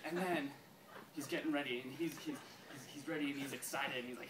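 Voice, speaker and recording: A man casually pitching a story to a group, laughing often and restarting his sentences. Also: steady tone, heavy background noise. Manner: giggly, keeps breaking into laughs; halting, many restarts. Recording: echoey room, far from mic, crowd around.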